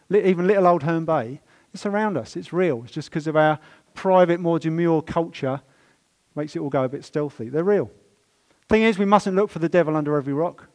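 Emphatic preacher, man. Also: a little high. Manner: storytelling, emphatic preaching with swings in loudness. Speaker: pastor. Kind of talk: sermon. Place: church.

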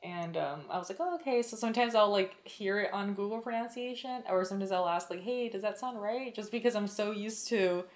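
A woman's voice: medium pitch, fairly quick, hardly any pauses. A young woman of Mexican-American background who works in radio and TV, answering interview questions in a chatty way and filling her talk with "like". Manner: chatty, fills with "like", acts out quoted lines. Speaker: radio and TV media personality, guest.

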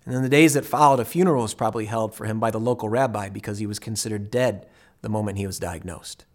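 A man's voice: lowish voice, fast. Man preaching a dramatic sermon. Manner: dramatic storytelling, acting out voices with big swings in loudness. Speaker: pastor.

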